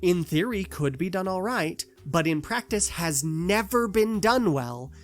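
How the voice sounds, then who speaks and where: A man co-hosting a casual podcast chat, animated and quick to slip into mock voices to make a point. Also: sits high, soft background music. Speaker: podcast co-host.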